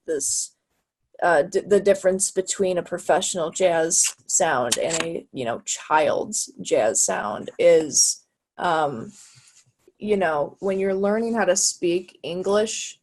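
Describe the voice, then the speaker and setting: A young American woman talking on a video call, thinking aloud and hunting for the right words. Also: on the low side. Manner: searching for words, halting and thoughtful. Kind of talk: casual video call chat.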